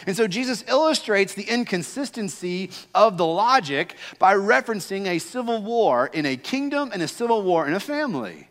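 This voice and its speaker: A man's voice: sits high, lively intonation, moderate pace, hardly any pauses, fairly bright tone. A man preaching a sermon as senior pastor, with an emphatic, fervent delivery. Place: church sanctuary. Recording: long reverb of a church hall.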